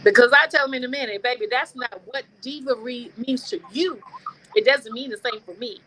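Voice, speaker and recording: A woman hosting a talk show, telling personal stories in an animated, preacher-like way. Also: on the high side, fairly quick, slight background noise, low-quality recording. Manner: animated storytelling, preacher-like affirmations. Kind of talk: casual conversation.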